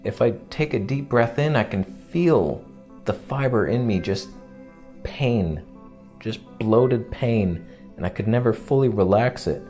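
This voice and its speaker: A man's voice: mid-range voice, lively intonation, unhurried, dark tone, soft background music. A man vlogging in a casual, candid and joking way, rambling from point to point. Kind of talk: casual vlog monologue.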